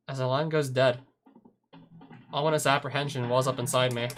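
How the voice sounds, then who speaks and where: A man's voice: medium pitch, fairly even intonation, a little fast, pauses often. A man narrating a visual novel, reading the hero's tense inner monologue. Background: background music.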